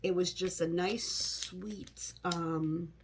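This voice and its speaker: Chatty woman with a low voice. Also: steady tone, extremely slow, background noise. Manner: chatty, rambling, full of "you know" asides. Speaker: home fragrance vlogger. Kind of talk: casual chat to camera. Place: home office.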